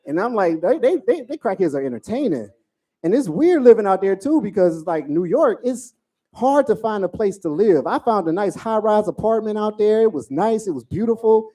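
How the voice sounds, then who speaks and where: A man in his forties doing a profane stand-up comedy set, telling stories with animated asides. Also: high voice, moderate pace. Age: 40s.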